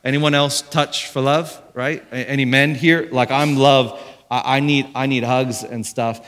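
A man in his thirties preaches from a church stage with a bright, ringing voice that carries a long reverb through the hall. He tells his story with animated energy and leaps into high shouts when he quotes people. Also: a little slow. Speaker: pastor. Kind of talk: sermon.

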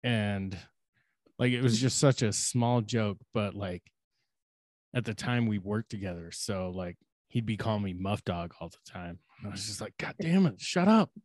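A young man with a low voice co-hosting a podcast in a casual, rambling way. He swears freely, pokes fun at himself and laughs a lot. The sound is dry and close, with no room around it. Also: steady tone, moderate pace, darkish tone, no room sound. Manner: rambling, crude, self-mocking, laughs often. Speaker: podcast co-host.

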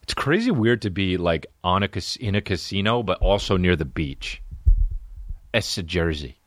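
A man's voice: sits low, sing-song, normal speed, dry recording, clean studio sound. A young man hosting a solo comedy podcast, telling rambling stories full of swearing. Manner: profane, rambling storytelling. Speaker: podcast host.

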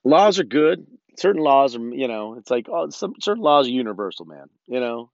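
A man's voice: mid-range voice, big pitch swings, normal speed, creaky, no room sound. A man hosting a solo podcast, rambling and swearing, with lots of false starts and flashes of political ranting. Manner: rambling and profane, with frequent restarts. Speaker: podcast host. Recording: dull, dry lo-fi recording.

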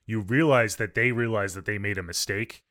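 A man co-hosting a movie review podcast, thinking out loud in a relaxed way and leaning on filler words. His voice is lowish but bright and forceful. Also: moderate pace. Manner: thoughtful, many fillers like "like" and "you know". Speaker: podcast co-host. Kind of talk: casual movie review chat.

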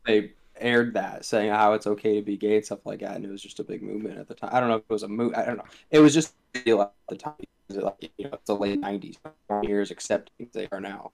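A man's voice: lowish voice, quick pace, gravelly, few pauses, darkish tone, poor audio. A man who is a guest on a podcast, chatting casually and cracking joking asides.

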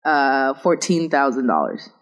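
A woman's voice: very deep voice, big pitch swings, a little slow. A woman co-hosting a podcast, chatting casually with blunt, wry remarks and plenty of fillers. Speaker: podcast co-host.

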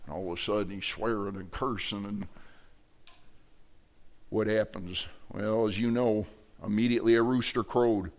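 A middle-aged male pastor with a Wisconsin accent, preaching a sermon and acting out the people he quotes with lively storytelling. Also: lowish voice, moderate pace, long pauses.

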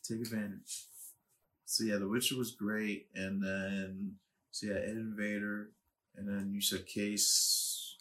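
A man talking in a casual podcast chat, animated, laughing often and swearing. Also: lowish voice, slow pace. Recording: echoey room.

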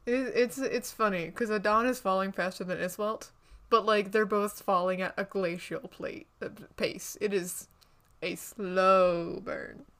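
A woman's voice: medium pitch, moderate pace, a bit bright. Chatty gushing woman discussing books. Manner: gushing and chatty, with frequent laughs and restarts. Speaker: podcast co-host. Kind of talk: casual book chat.

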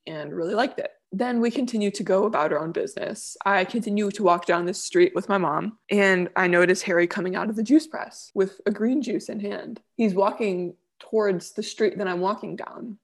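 A young woman co-hosting a casual chat, telling a story with lively acted-out quotes. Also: medium pitch, normal speed, few pauses. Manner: animated, acts out quoted voices. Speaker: podcast co-host.

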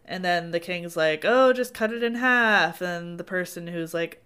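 A woman's voice: on the low side, moderate pace, hardly any pauses, fairly bright tone, smooth. A woman in casual conversation about a book, acting out quotes mockingly and laughing along. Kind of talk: casual book discussion chat.

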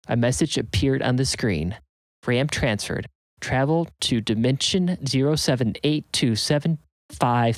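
A man's voice: mid-range voice, a little mellow, no echo. A man narrating a serial first-person story in an earnest, urgent way.

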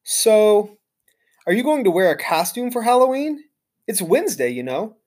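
A man's voice: high voice, big pitch swings, normal speed, darkish tone, voice pushed up. A man voicing a cheerful, joking male school custodian who chats and teases, in a storybook read-aloud. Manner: chatty, teasing.

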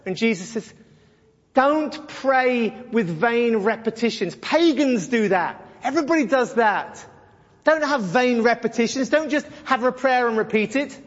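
Preacher, male, very high pitched, blunt and sarcastic, dull echoing hall recording. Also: fairly bright tone. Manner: blunt, sarcastic, mimics voices for effect. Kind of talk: sermon-style Bible teaching.

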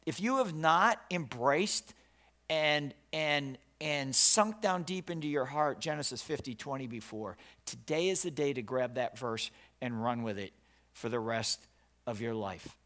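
A man's voice: medium pitch, measured pace, fairly bright tone. A male pastor preaching a sermon, telling a story dramatically and emphatically, with frequent restarts and repetition.

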